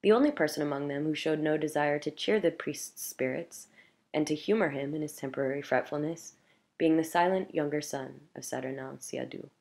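A woman reading a classic short story aloud in a measured, clear narration. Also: low-pitched, a little mellow. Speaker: audiobook reader.

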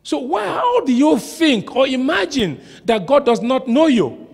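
A man preaching a sermon as a pastor, shouting some lines and slowing hard on others. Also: extremely high pitch, very animated, creaky, breathy edge. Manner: preaching with sudden shouts and dramatic slow stretches. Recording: long hall reverb.

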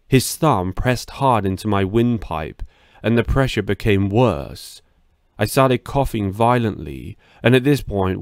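A man reading a first-person horror story aloud in a steady, measured way. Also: fairly low pitch, no room sound, clean studio sound.

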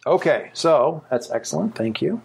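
A man running a tabletop game as game master, animated and thinking aloud with many fillers. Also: a little high, normal speed, gravelly, slight background noise.

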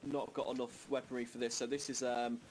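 A man runs his squad through a casual mission briefing over voice chat, his voice sitting at an ordinary middle pitch. He talks in a relaxed, rambling way, full of fillers, and a faint hiss sits under the headset audio. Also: fairly quick. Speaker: squad leader in a military game.

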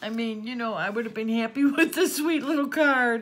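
A woman's voice: a little high, brisk. A woman opening gifts off camera for her viewers, teary and sniffling, gasping and laughing with delight. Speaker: crafting channel host. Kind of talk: unboxing happy mail, chatting to viewers off camera.

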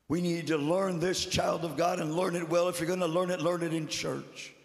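A man preaching a Good Friday sermon in a church sanctuary, swinging from hushed whispers to shouted exhortation and repeating short phrases for emphasis. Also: sits high, normal speed, gravelly, hardly any pauses. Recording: long church reverb.

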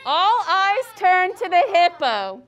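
A high-voiced woman teacher reads a storybook aloud to a class of children. She keeps it lively, stopping to quiz the kids and comment on the story. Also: takes it slowly, lo-fi sound. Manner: lively, asks the class questions. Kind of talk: reading a picture book aloud to children.

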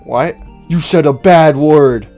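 A man voicing a stern, fatherly male robot bear who scolds loudly and with exasperation in a game-based cartoon. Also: fairly high pitch, slow pace, soft background music. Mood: scolding.

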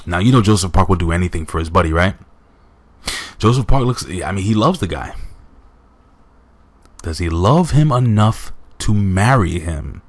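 Low-voiced male reviewer, loose and chatty, filler-heavy recap with frequent viewer asides. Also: expressive, moderate pace, long pauses. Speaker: wrestling show reviewer. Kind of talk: casual spoken recap.

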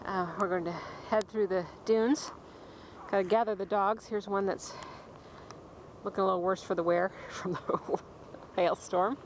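A woman filming her hike speaks unhurriedly at medium pitch, panting between chatty remarks and calls to her dogs. The forest and dune trail setting comes through poor audio from a handheld camcorder mic, with background noise that never lets up.

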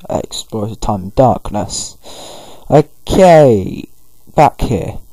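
A man's voice: on the low side, lively intonation, takes it slowly, warm tone, husky, no echo, poor audio. A man giving loose, rambling commentary over a video game playthrough. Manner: rambling, loose, full of fillers. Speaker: gaming video host. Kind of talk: casual let's-play commentary.

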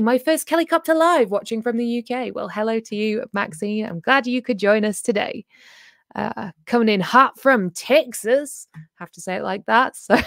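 A woman's voice: medium pitch, vocal fry, dry recording, studio quality. A woman hosting a casual livestream, chatty and full of fillers as she talks to her viewers. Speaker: livestream host.

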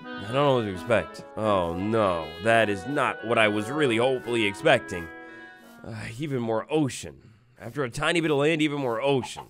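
A man's voice: medium pitch, moderate pace, fairly bright tone, no room sound, faint music behind. A young man giving playful, theatrical commentary while playing a survival video game, talking to the animals and villagers he meets. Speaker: gaming YouTuber. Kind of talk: Minecraft let's play commentary.

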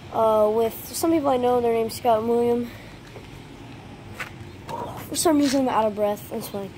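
High-voiced woman vlogging in a backyard. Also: a little hiss or hum. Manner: chatty and rambling, talks to the dog. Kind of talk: casual vlog talk. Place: backyard by a pool, outdoors. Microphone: handheld phone.

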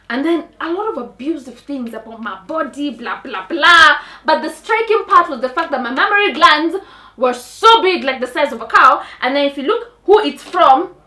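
Dramatic young Kenyan woman telling a story. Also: high voice. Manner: dramatic, animated. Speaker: storyteller on a talk show. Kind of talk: comedic personal storytelling. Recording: echoey room, mic at a distance.

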